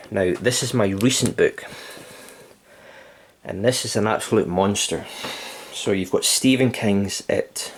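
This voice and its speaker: Casting: young guy, low voice, relaxed rambling vlog delivery, slightly winded. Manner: rambling, relaxed, frequent ums. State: slightly out of breath from heat. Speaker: channel host. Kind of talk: casual vlog chat about his books.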